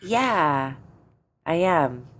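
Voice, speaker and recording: A woman's voice: low-pitched, very animated, drawn-out words. A woman co-hosting a podcast in casual banter, matter-of-fact and dry as she reads out supporters' names. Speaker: podcast co-host.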